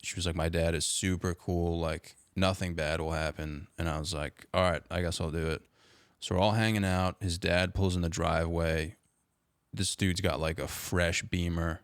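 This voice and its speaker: A man's voice: low-pitched, steady tone, moderate pace, clear, resonant tone, no room sound, clean studio sound. A young man telling a story as a podcast guest in casual chat, laid-back and saying "dude" and "like" all the time.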